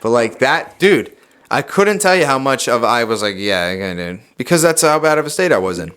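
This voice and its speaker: A young adult man, a podcast guest, telling a personal story in a casual, animated way, swearing often and saying "dude" a lot. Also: medium pitch, fairly quick, clean tone.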